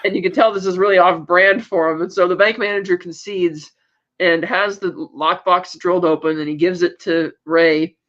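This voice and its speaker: A lowish, fairly bright female voice with fairly even intonation goes at a moderate pace over dull audio. She's a podcast co-host giving a casual, rambling recap of TV episodes, full of fillers and quoted lines.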